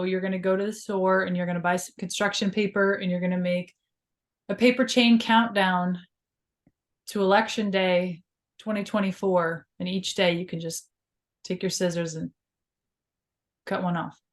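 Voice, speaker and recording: A woman's voice: medium pitch, steady tone, normal speed. A woman co-hosting a casual chat, playful and laughing easily. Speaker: co-host.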